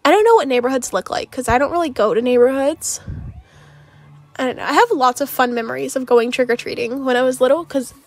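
A woman's voice: sits high, fast talker. A young woman rambling casually as she talks over a game build video, with lots of fillers and small laughs. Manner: rambling, filler-heavy, giggly. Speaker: game streamer.

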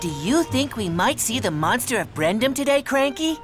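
A man voicing a small, excitable young male engine in a cartoon, eager and pleading. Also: extremely high pitch, moderate pace, over music, pitched above the performer's own voice.

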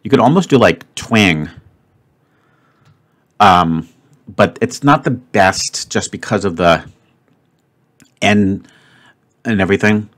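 A man's voice: fairly low pitch, slow, pauses often. A man casually talking through a word puzzle as the host of his video, chatty and upbeat, thinking aloud with lots of fillers. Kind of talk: casual commentary while solving a puzzle.

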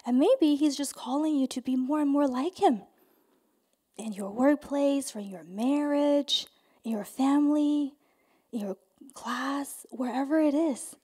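A young adult woman pastor preaching a sermon, earnest and soft in prayerful passages, lively and loud when telling stories. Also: high voice, measured pace. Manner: storytelling, gets loud and animated in anecdotes.

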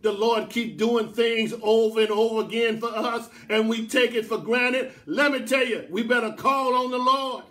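Pastor guy preaching loud, high bright voice, keeps repeating himself. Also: fairly even intonation, moderate pace, few pauses. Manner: preaching, rising to shouts, repeating phrases. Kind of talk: sermon. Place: church.

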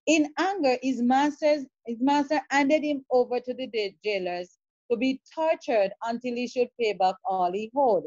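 A woman's voice: on the high side, darkish tone, no echo. A woman teaching a sermon and reading scripture aloud, often repeating words and checking in with the listeners. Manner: halting, repeats words, checks with "all right?". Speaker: preacher. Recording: dull, dry, lo-fi sound.

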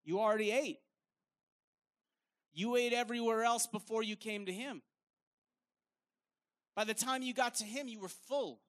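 A man's voice: very high-pitched, moderate pace, long pauses. A man preaching a sermon with energy, repeating phrases for emphasis in a conversational style. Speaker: evangelist preacher.

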